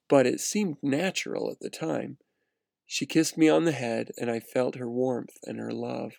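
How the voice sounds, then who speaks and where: A man reads a personal story aloud in an earnest, steady way, sometimes restarting a phrase. His voice is gravelly and fry-tinged, recorded close and dry with no room sound. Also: medium pitch, unhurried, no room sound. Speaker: narrator. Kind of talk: read-aloud first-person story narration.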